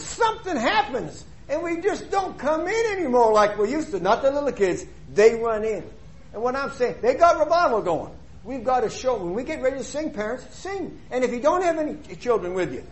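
Middle-aged man, preacher, very high lively voice, emphatic sermon delivery. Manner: emphatic, rhetorical questions, swings between loud and quiet.

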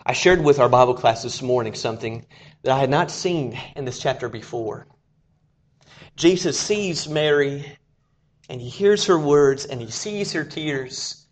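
A man preaching a sermon, earnest, rising to loud emphatic passages and sinking to hushed ones. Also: mid-range voice, measured pace, slight background noise. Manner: earnest, swells louder then drops to a hush.

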